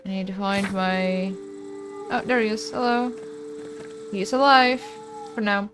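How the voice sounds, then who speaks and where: A woman's voice: medium pitch, unhurried, background noise. A woman streaming a video game live, chatting casually, laughing often and reading the dialogue aloud with some drama. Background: game music.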